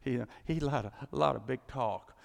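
A man preaching a sermon in a conversational, animated storytelling way. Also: medium pitch, a little fast, creaky. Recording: reverberant hall.

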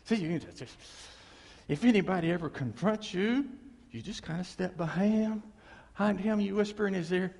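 Animated preacher in a reverberant hall. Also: male voice, high-pitched, fairly quick, creaky, husky. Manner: animated, emphatic, acts out quotes. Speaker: pastor. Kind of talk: sermon. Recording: long reverb of a big hall.

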